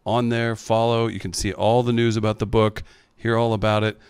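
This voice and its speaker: A man co-hosting a podcast, making brisk, upbeat announcements in casual chat. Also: lowish voice, little pitch movement, darkish tone, smooth, dry recording, studio quality. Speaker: podcast co-host.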